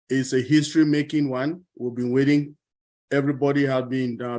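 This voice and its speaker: A man's voice: mid-range voice, darkish tone. A man speaking as a panelist in an online webinar, earnest and grateful over a video call.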